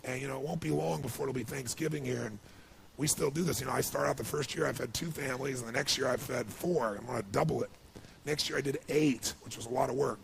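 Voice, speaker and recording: A man telling an emotional story to a seminar audience, building to excited outbursts. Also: mid-range voice, fast talker, gravelly, slight background noise. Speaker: motivational speaker. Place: large seminar hall with audience.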